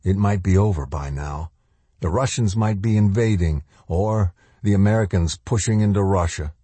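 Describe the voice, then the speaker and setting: A man narrating an audiobook in a measured, grave way with a close studio mic. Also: deep voice, warm tone, breathy edge, no echo.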